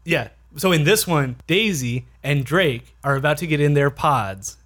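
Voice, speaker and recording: A man in a casual comedy chat, talking in halting restarts and laughing along. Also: a little high, animated, fairly bright tone. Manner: hesitant, many restarts and fillers, laughs along. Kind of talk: improvised comedy brainstorm.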